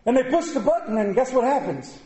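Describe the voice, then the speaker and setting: A man preaching a lively sermon, telling stories with jokey asides. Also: very high voice, a little fast, roomy sound, low-quality recording. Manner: animated storytelling, jokey asides.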